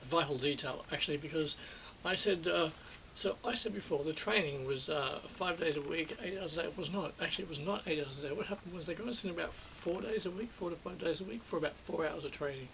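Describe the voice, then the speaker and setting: A middle-aged Australian man, once a ride operator, rambles through memories of that old job, repeating and correcting himself often. His voice is a little high and fast, with vocal fry and few pauses. The recording sounds dull, with a faint hiss.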